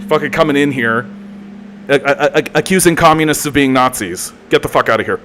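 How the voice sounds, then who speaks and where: A man's voice: medium pitch, brisk, a bit bright, slight background noise. A Canadian man ranting heatedly on a live political stream, swearing a lot, mocking and repeating himself. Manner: profane, heated, mocking, lots of filler and repeats.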